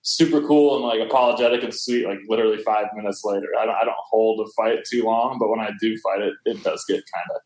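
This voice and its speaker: A man's voice: fairly low pitch, quick pace, few pauses, a little mellow, reverberant, low-quality recording. A man chatting as a podcast guest over a video call, easygoing, with stammered restarts. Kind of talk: casual chat on a video call.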